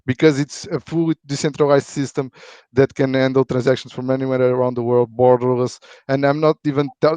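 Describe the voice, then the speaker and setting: A man talking casually on a live stream, halting and full of fillers and repeated words. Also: mid-range voice, mellow, clean tone, no room sound. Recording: dry, dull lo-fi audio.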